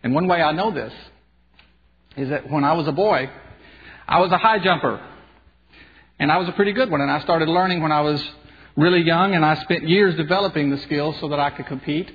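High-voiced man telling an inspirational story. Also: brisk, pauses often. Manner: storytelling, earnest, conversational. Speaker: radio host. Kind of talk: inspirational radio talk. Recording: dull sound with long hall reverb.

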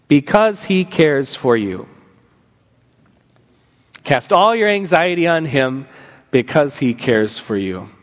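A man preaching a sermon from the pulpit in a high voice. He talks earnestly and acts out what imagined people might say. His voice rings on in the long reverb of the church sanctuary. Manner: earnest, voices imagined speakers, slows for emphasis. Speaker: pastor.

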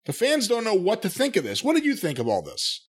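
A man co-hosting a wrestling podcast, giving a brisk recap of archive footage. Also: high-pitched, huge pitch swings, husky. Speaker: podcast co-host.

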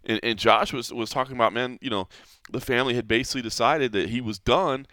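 A man's voice: mid-range voice, fast talker, sharp tone, no room sound, studio quality. A man hosting a podcast, chatting casually and rambling with many fillers and restarts. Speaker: podcast host. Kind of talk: casual chat. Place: Las Vegas, Nevada.

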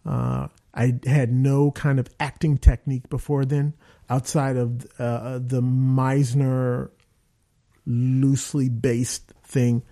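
Man, gravelly mellow voice, mid pitch, casual interview guest, rambling animated storytelling. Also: takes it slowly. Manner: rambling, animated anecdotes with many fillers.

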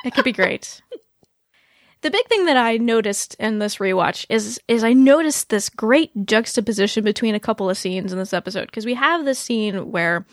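A woman hosting a podcast, chatting casually about a TV episode, animated and laughing often. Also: normal speed, dry recording, studio quality. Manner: animated, laughs often, quotes scenes in a lowered voice. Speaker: podcast host. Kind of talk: casual TV recap chat.

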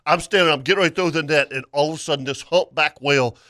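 A man co-hosting a fishing radio show, telling stories in an animated way and laughing often. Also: fairly high pitch, rapid-fire, no echo, studio quality. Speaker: co-host. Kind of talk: casual radio chat.

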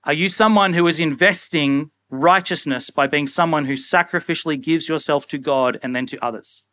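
Animated preacher, high bright voice. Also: male voice, moderate pace. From Australia. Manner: casual and animated, acts out little scenes. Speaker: pastor. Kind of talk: sermon.

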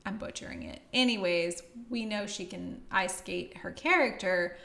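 A woman's voice: mid-range voice, moderate pace, vocal fry, bright, forceful tone, echoey room. A woman co-hosting a casual movie review chat, laughing often and trailing off mid-sentence. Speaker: podcast co-host.

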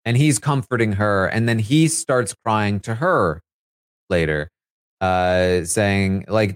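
A man's voice: on the low side, slow, smooth, dry recording, studio quality. A man hosting a casual recap of a reality show, chatty and full of fillers, laughing as he talks. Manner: chatty, filler-heavy, laughs while talking. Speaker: live feed recap host.

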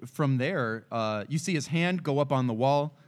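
A man's voice: mid-range voice, expressive, moderate pace. A man co-hosting a casual chat about a TV episode, retelling scenes in careful detail with frequent fillers. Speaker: podcast co-host.

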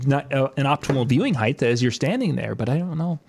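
A man's voice: mid-range voice, animated, quick pace, vocal fry, a little mellow, a little hiss or hum. Man hosting, asking rambling questions. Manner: rambling, restarts his questions. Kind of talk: casual interview questions.

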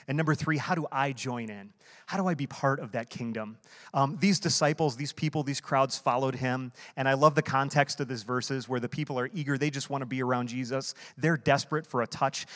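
A man's voice: on the high side, fairly bright tone. A man preaching a sermon, explaining scripture earnestly and asking rhetorical questions. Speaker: guest preacher. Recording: long hall reverb.

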